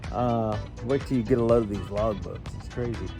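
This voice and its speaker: A man's voice: on the low side, fairly even intonation, normal speed, music in the background. A man from Georgia with a Southern accent, hosting a casual aircraft demo vlog in a hangar, chatting in a folksy way with lots of fillers. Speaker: flight instructor and aircraft demo host.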